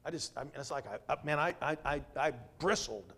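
High-voiced man preaching a revival sermon. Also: lively intonation, brisk, a bit bright. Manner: quotes scripture with rising emphasis; storytelling, then preaching. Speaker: guest preacher.

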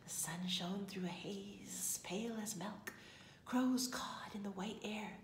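A woman reading a children's storybook aloud in a gentle, expressive way. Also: mid-range voice, takes it slowly, reverberant, slight background noise.

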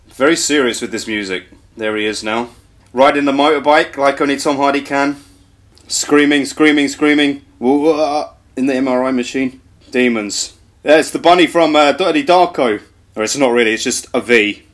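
A man co-hosting a casual film podcast, talking in rambling, animated bursts with frequent restarts. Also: mid-range voice, brisk. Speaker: podcast co-host. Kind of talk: casual chat.

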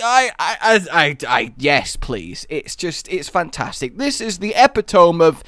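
A man hosting a gaming video, giving excited, shrieking commentary as he plays. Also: on the high side, unhurried, dry recording, clean studio sound. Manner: shrieking, laughing, exclaiming. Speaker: gaming channel host.

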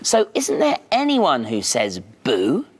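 A man's voice: a little high, wildly swooping pitch, slow pace, a little hiss or hum. A man presenting a preschool TV show, telling a story playfully and slipping into animal noises. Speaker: children's TV presenter.

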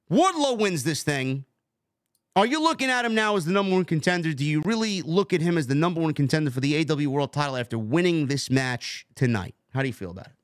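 Animated Bronx-accented man, high voice. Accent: New York (Bronx). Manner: animated, profane, sarcastic. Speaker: podcast co-host. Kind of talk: casual wrestling review chat.

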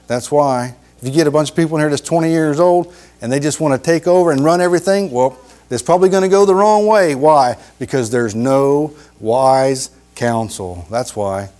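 A middle-aged man preaches in a folksy, emphatic style, with a voice pitched a little high. He repeats key phrases and drops his voice low to drive a point home. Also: quick pace, a little mellow. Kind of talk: sermon.

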